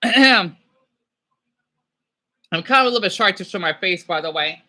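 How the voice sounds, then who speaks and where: A man hosting a casual livestream, rambling and excitable, often apologizing as he talks. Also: sits high, moderate pace. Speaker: livestream host.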